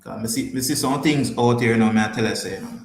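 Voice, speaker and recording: A man's voice: mid-range voice, fast, reverberant. Jamaican man riffing on a podcast. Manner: emphatic, repeats phrases. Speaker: podcast host. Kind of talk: casual livestream chat, answering viewers.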